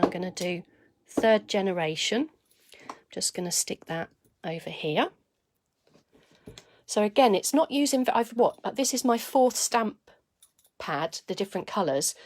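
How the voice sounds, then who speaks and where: A woman hosting a live papercraft demonstration, chatting to viewers by name as she stamps and dropping to quiet asides while she works. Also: lowish voice. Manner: chatty, greets viewers by name mid-task.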